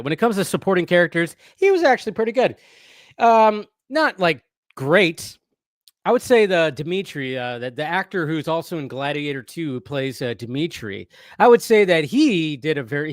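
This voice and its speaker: A man's voice: a little high, no room sound, clean studio sound. A man hosting a casual movie-news live stream, rambling, restarting his sentences and reading viewers' messages aloud. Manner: rambling, restarts often, reads chat aloud.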